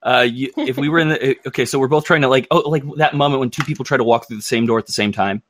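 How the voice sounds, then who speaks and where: An American man hosting a casual livestream chat at a middle pitch. He rambles and thinks aloud, with fillers and restarts. The sound is dry and close. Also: fast, fairly bright tone, no echo. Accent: American English. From United States.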